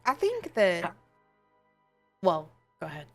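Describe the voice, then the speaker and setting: A woman casually playing a tabletop game, talking quickly and trailing off softly. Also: lowish voice, huge pitch swings, faint music behind. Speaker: player.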